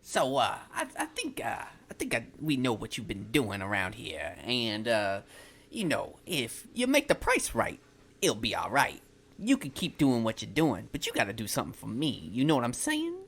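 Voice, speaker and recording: A man's voice: medium pitch, wildly swooping pitch, normal speed, fairly bright tone, breathy edge, exaggerated voice. A man playing a wheedling street thug. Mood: menacing. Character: menacing male thug enforcer.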